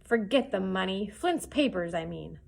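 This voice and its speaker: A woman voicing a cruel, raging blind old male pirate, shouting orders while reading a story aloud. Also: medium pitch, lively intonation, moderate pace, vocal fry. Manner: shouting, snarling commands.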